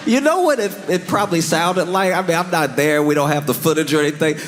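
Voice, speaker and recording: A man doing a stand-up comedy set, telling a story with lively, animated delivery and breaking into high, strained character voices. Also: fast, background noise.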